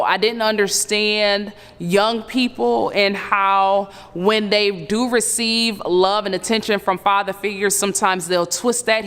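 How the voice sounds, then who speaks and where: A woman in her thirties earnestly recounting a painful personal story, halting and full of fillers. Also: medium pitch, a bit bright, long reverb tail. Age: 30s. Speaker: survivor telling her story. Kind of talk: personal testimony.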